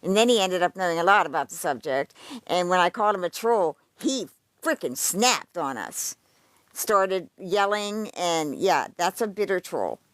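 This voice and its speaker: A woman's voice: lowish voice, lively intonation, moderate pace, no room sound. A woman hosting a livestream, chatting casually in a blunt, profane way, rambling with frequent restarts. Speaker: livestream host. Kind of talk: casual chat commenting on a list she reads aloud.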